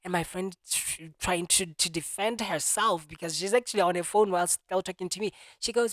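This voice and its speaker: A young man talking to camera in a casual monologue, animated, restarting and repeating himself often. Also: high voice, brisk, hardly any pauses, dry recording, clean studio sound. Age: young adult. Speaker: vlogger.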